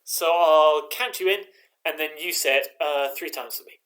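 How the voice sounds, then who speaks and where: A choir director with a highish, fairly bright voice leads singers online from his living room at a moderate pace. He chants rhythm syllables, counts in, and offers encouragement.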